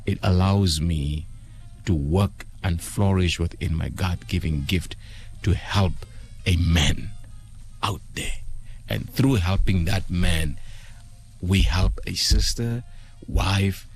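A man's voice: low-pitched, faint music behind. A man who is a trauma counselor, speaking earnestly as a guest on a late-night radio talk show. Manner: earnest, measured, speaks of faith.

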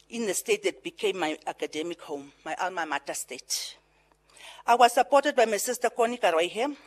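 A middle-aged Namibian woman, with Herero and Afrikaans coloring her English, gives a farewell speech after a long career in broadcasting. She talks in a lively way, with laughing asides and words she repeats. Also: mid-range voice. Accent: Namibian English, Herero and Afrikaans influenced. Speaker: veteran broadcaster and pageant director.

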